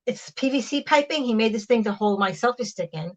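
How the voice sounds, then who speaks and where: A woman's voice: on the high side, animated, brisk, a little mellow. Middle-aged woman, livestream host, chats and laughs while prepping food. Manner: chatty and giggly, talking with food in her mouth. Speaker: vlog host reading live chat. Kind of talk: casual livestream chat while cooking.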